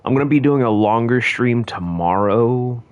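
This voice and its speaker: A man's voice: mid-range voice, expressive, moderate pace, dull audio. A man streaming a game, chatting casually to viewers in a rambling, jokey way. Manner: rambling and jokey, talking to chat. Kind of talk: casual gaming commentary.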